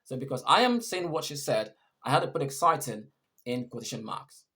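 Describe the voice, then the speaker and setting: A man's voice: medium pitch, very animated, fairly quick, pushed and bright. A man teaching English punctuation, patiently repeating and rephrasing each point. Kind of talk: explaining punctuation rules.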